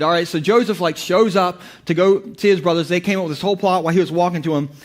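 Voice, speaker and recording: High-voiced playful male preacher. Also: fast talker. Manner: playful, joking, conversational with many restarts. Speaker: pastor. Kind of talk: sermon.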